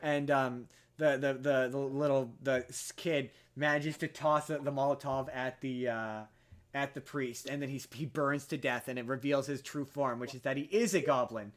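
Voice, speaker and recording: A man on a podcast, casually retelling a film plot in a rambling way with many restarts, jumping into high voices for quoted characters. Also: fairly even intonation, moderate pace. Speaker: podcast host.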